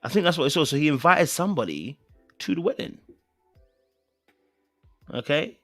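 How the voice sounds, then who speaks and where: A man's voice: on the high side, sing-song, moderate pace, a bit bright, no echo, faint music behind. A man with a British accent hosting a podcast in casual live-stream chat, rambling with many fillers and repeated phrases, playfully insistent. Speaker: podcast host.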